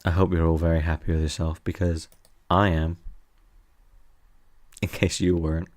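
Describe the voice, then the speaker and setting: A man's voice: sits low, little pitch movement, moderate pace, a little mellow. A young man streaming from his desk, teasing his chat in a playful, casual way.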